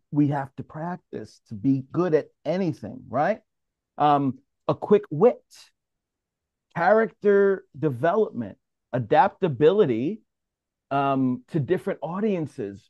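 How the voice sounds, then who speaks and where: Hombre moderando una mesa redonda. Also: male voice, a little high, no echo, muffled recording. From New York. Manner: animated, restarts often, calls on others. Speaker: mediator leading a roundtable. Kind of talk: casual discussion, moderating.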